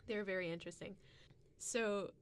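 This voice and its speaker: A woman's voice: medium pitch, steady tone, fairly quick, clear, resonant tone. Giggly woman co-host telling a story. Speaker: podcast co-host. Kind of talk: casual chat.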